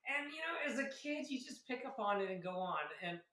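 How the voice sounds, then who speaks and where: A man's voice: very high-pitched, lively intonation, a little fast, bright, forceful tone, roomy sound, rough recording. A man in his fifties, an Air Force veteran guest, telling stories casually with laughs and acted-out quotes. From grew up in South Carolina. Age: 50s. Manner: chatty, laughs often, acts out quotes. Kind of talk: casual interview storytelling.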